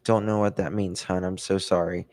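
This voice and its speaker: A man hosting a casual true crime livestream, thinking aloud and answering viewer comments with hesitant ums and pauses. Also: low voice, level tone, a little mellow. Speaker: true crime channel host. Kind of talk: casual livestream chat about a case.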